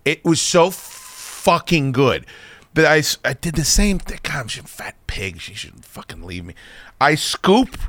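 A man hosting a podcast, telling stories in a casual, animated way and swearing often. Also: on the high side, moderate pace, no room sound. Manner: animated storyteller, swears freely, laughs a lot. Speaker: podcast host. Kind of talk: casual chat.

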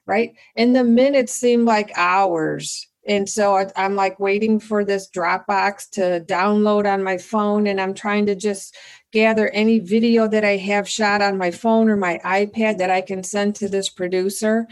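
A middle-aged woman talks as the guest on a relaxed interview, spinning an anecdote with excitable energy. Her voice sits at an ordinary middle pitch. She acts out her own past remarks as she goes. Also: measured pace. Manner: animated, excitable storyteller who acts out her own lines. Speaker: company founder, guest. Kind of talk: casual interview storytelling.

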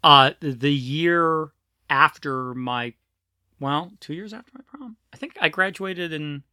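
Middle-aged woman, podcast co-host, bright forceful tone, rambling and giggly, dry close mic. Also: low voice, expressive, slow pace, no echo. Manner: rambling, giggly, self-interrupting. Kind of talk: casual podcast chat.

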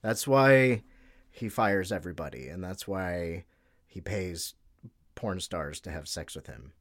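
A man's voice: low-pitched, expressive, a little slow, fairly bright tone. A man chatting on a podcast, rambling and joking, sometimes losing his thread. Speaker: podcast guest. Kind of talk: casual political chat.

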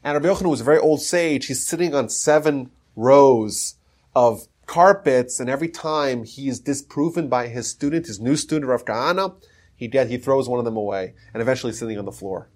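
A man's voice: medium pitch, a little fast, darkish tone. A man hosting a podcast, retelling an old story in a casual lecture and slipping into the characters' quoted lines. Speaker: podcast host teaching history.

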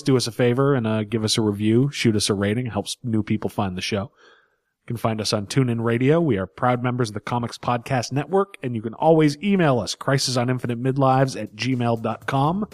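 A man's voice: medium pitch, dry recording, studio quality. A middle-aged man co-hosting a casual comic book podcast, blunt and opinionated, often laughing. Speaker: podcast co-host.

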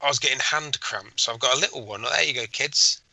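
A man with a strikingly bright, sharp voice co-hosts a laid-back podcast. He talks in an easygoing, enthusiastic way about things he bought. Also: mid-range voice, a little fast, vocal fry, no echo, poor audio. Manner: easygoing, enthusiastic, laughs often. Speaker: podcast co-host. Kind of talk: casual chat.

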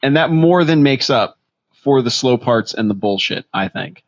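Profane, animated male podcast co-host. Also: medium pitch, normal speed, dry recording, highs cut off. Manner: profane, animated retelling of scenes. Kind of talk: casual movie review chat.

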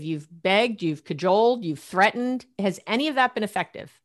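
Middle-aged woman therapist, guest on a show; lively, laughs a lot, plays out her clients' voices. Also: medium pitch, normal speed. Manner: animated, laughs often, acts out clients' lines. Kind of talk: casual interview talk.

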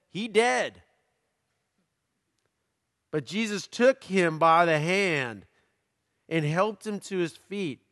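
Preacher, male, higher voice, unhurried scripture reading with commentary, long reverb. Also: a bit bright. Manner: slow, deliberate reading with commentary.

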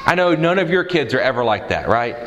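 A man's voice: mid-range voice, animated, a little fast, long reverb tail, rough recording. A man preaching a sermon in a conversational way, asking the crowd questions and mixing in humor.

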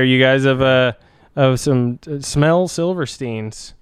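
Profane, animated podcast host with a smooth voice. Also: male voice, medium pitch, normal speed, dry recording. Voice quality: animated storyteller, profane, laughs often. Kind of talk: casual crude podcast chat.

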